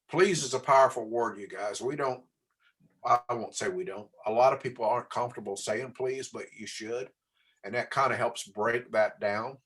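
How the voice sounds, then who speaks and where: A man's voice: mid-range voice, normal speed, a bit bright, breathy edge. Man, real estate trainer, coaching tone, checks in with the class. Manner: coaching, asks the class questions.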